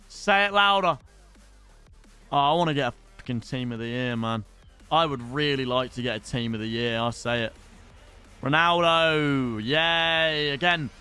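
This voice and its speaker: A young man streaming live and chatting casually while opening packs in a football game, excitable and sweary. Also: fairly high pitch, normal speed, clean tone, soft background music. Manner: excitable, shouts at pack pulls, swears.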